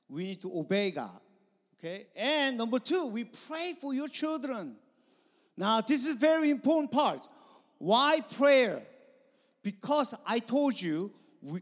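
Lively high-voiced man preaching. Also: in a large hall. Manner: animated preaching with sudden loud bursts. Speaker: pastor. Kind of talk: sermon.

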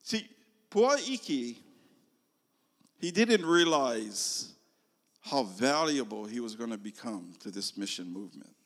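A man telling a story as a sermon, animated, swinging from loud to hushed. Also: medium pitch, a little slow, long pauses, in a large hall. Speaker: preacher.

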